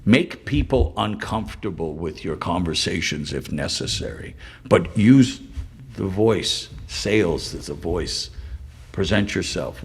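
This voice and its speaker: A middle-aged man from British Columbia, a podcast guest, telling his story with intense emotion, swinging between loud and hushed. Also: low voice, lively intonation, unhurried, big-room sound. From Canada, British Columbia. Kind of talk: candid interview storytelling.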